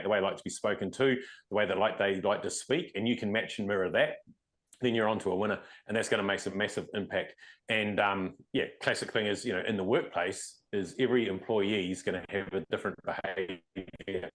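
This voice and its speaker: A man's voice: lowish voice, steady tone, brisk. A middle-aged man co-hosting a podcast in casual discussion, explaining leadership ideas earnestly at length with many restarts. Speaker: podcast co-host.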